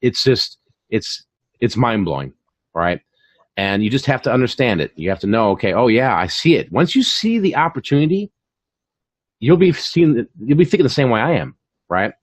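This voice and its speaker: This online reseller hosts a casual live-stream chat about reselling, talking in a loose way with lots of fillers and repeated words. His mid-range, husky voice is very animated at a moderate pace, with no echo.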